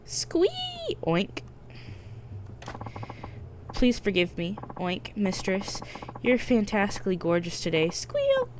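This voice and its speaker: A woman's voice: on the low side, slow pace, pauses often, background noise. A woman voicing a squealing groveling pervert. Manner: pleading, squealing like a pig. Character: groveling middle-aged male masochist client. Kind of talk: reading game dialogue aloud on stream.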